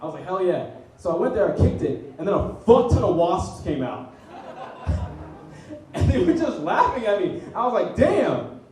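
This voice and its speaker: A man's voice: sits high, big pitch swings, normal speed, a little mellow, distant mic. A young man doing a stand-up comedy set and hosting, telling self-mocking stories and laughing at his own jokes. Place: student comedy night venue. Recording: very echoey room, mic heard from afar, faint noise.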